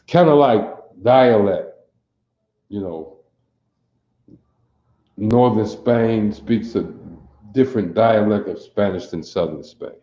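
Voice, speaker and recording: A man's voice: sits low, mellow, reverberant, dull audio. A man from teaching a livestreamed Bible class, quizzing his listeners and repeating phrases over and over to drill them. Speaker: religious teacher.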